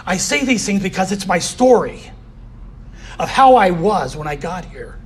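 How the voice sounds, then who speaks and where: A man's voice: high voice, big pitch swings, unhurried, slightly rough. A man giving a candid personal recovery share as a convention speaker, often saying "you know".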